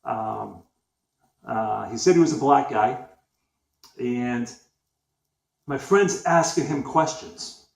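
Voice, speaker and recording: A man's voice: medium pitch, expressive, takes it slowly, vocal fry, long pauses. A man in his forties with a Boston accent, telling a story in a rambling, casual way, full of fillers, restarts and swearing. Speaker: vlogger. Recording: echoey room.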